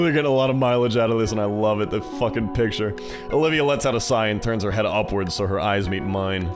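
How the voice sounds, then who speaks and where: A man's voice: lowish voice, quick pace, over music. A man streaming, reading a visual novel aloud and tossing off profane, joking asides to his viewers. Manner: profane, jokey asides to chat. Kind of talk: reading aloud with casual reactions.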